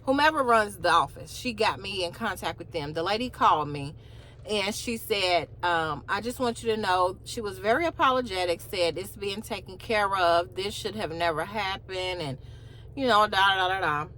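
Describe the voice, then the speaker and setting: A woman's voice: medium pitch, normal speed, slight background noise. A woman vlogger casually telling a personal story, acting out the other side of a phone call with incredulous asides. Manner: animated retelling with rising, incredulous asides. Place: in a car.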